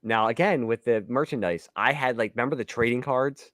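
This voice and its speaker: A man's voice: medium pitch, brisk, fairly bright tone, dry recording, studio quality. A man in his forties co-hosting a podcast, talking casually and laughing often. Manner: easygoing, laughs often, trails off. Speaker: podcast co-host. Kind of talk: casual chat.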